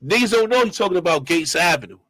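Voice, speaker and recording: A man hosting his own show, giving loose, slangy street commentary and shout-outs. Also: sits high, lively intonation, quick pace, no room sound. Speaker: show host reacting to clips. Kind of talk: casual commentary.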